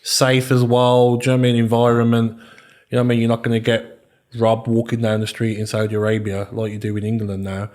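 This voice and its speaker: A man's voice: medium pitch, monotone, fast, a little mellow. A man in his thirties with a Birmingham accent, a podcast guest talking casually and leaning on fillers and "you know what I mean". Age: 30s. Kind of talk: casual interview chat.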